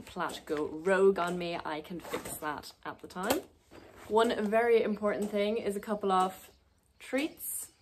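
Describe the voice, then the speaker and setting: A woman's voice: medium pitch, a little hiss or hum. Chatty young Irish woman vlogging. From Ireland. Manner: chatty, friendly, upbeat. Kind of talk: casual vlog walkthrough.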